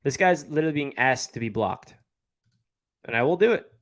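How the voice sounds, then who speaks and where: A man's voice: on the high side, expressive, brisk. A man with a New York area accent hosting a casual live stream, chatting and answering viewer comments as he reads them. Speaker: livestream host.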